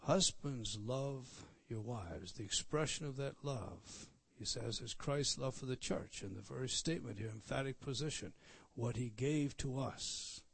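A man's voice: medium pitch, moderate pace, creaky, fairly bright tone, slightly rough. A man, a pastor preaching a sermon as he walks through a text, repeating words and stressing key points. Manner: repetitive, emphatic teaching, pointing out words on a text. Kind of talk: expository sermon.

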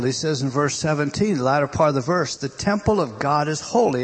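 Husky-voiced man preaching a sermon. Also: mid-range voice, a little fast, hardly any pauses. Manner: swings from loud emphatic lines to hushed whispers.

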